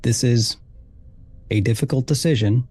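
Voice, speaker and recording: A man's voice: mid-range voice, darkish tone, breathy edge, faint music behind. A man doing a grave military commander. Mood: solemn. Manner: measured, solemn.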